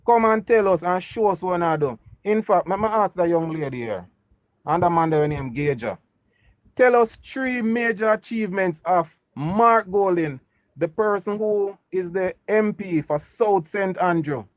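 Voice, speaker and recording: A high-pitched Jamaican man argues politics with combative insistence, hammering his points again and again in Patois-tinged speech. His voice comes through dry and muffled, like a call-in line. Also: lively intonation, measured pace, no room sound. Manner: combative, repeats himself, Jamaican Patois phrasing. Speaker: political caller. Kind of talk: heated political debate.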